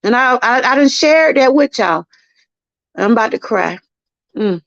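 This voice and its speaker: Middle-aged Southern woman, high voice, earnest preachy live-stream testimony, dry muffled lo-fi sound. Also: expressive, measured pace, creaky, fairly bright tone, no room sound. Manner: earnest, preachy, repeats herself, talks to chat. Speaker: channel host.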